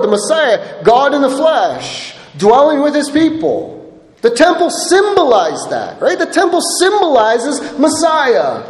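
A man preaching a sermon, emphatic and checking in with the congregation by asking "right?" again and again. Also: extremely high pitch. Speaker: pastor. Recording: echoey hall with long reverb.

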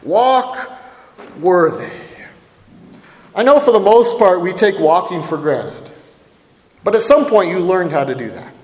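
A man's voice: high voice, sing-song, unhurried, long pauses, a little mellow. A male pastor giving a conversational sermon, often checking in with the congregation by asking "right?". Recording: echoey hall with long reverb.

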